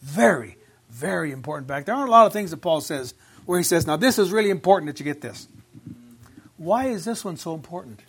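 A man preaching a sermon with a high-pitched voice. He repeats words for emphasis, reads scripture aloud and asks the congregation questions. He sometimes drifts away from the mic. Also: animated, fast, husky. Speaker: pastor.

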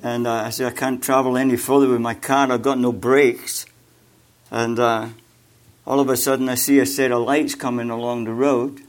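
Older man preaching, halting and earnest. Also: medium pitch, level tone. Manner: halting, with many fillers and repeated words; grows louder and more emphatic when exhorting. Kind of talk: sermon with personal testimony.

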